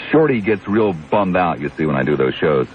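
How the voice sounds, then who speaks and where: Man, radio talk host, low lively voice, wry and rambling, dull broadcast sound with faint hiss. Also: normal speed.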